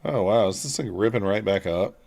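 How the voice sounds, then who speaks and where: Low-key man muttering over live trades. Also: brisk, darkish tone. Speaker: livestream futures trader. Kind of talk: casual live-stream trading commentary.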